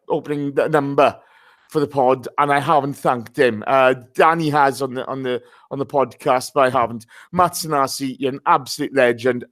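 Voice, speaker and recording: English guy hosting a footy podcast, slightly high voice, jokey, swears a lot. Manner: chatty, jokey, swears freely. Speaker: podcast host. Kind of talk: casual football podcast chat.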